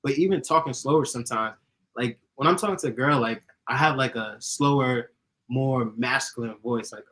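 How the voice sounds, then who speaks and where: A young man chatting casually, giving dating advice, who talks fast and giggles and laughs often. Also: mid-range voice, fairly bright tone, poor audio. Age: young adult. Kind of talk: casual chat.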